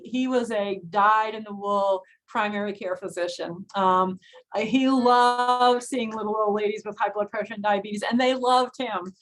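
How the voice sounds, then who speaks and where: A woman in her sixties, a physician talking casually with pre-med students in a frank, chatty way, with many fillers and lively storytelling. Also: mid-range voice, low-quality recording. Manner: frank and emphatic advice. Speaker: physician and director of student health.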